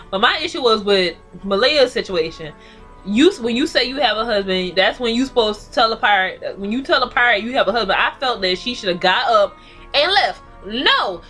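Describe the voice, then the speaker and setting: A woman's voice: a little high, bright, forceful tone. A woman giving a casual, blunt and profane recap of a TV episode, ranting about the characters. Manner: blunt, profane, sassy commentary. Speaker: TV recap reviewer.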